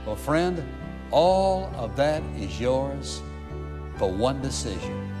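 A man's voice: mid-range voice, very animated, takes it slowly, in a large hall, music in the background. A male pastor preaching a sermon in an emphatic way, pressing his points with repeated rhetorical questions.

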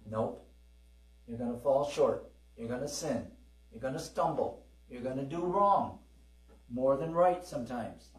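A middle-aged man preaching a sermon in a conversational way, calling for amens and acting out dialogue in his stories. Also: mid-range voice. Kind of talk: sermon with storytelling. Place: church service. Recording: roomy, distant from the mic.

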